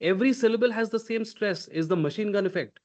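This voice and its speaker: A man's voice: high-pitched, quick pace. A man coaching pronunciation in a live online workshop. He speaks emphatically, demonstrates sounds aloud and keeps checking in with "okay?". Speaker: communication coach.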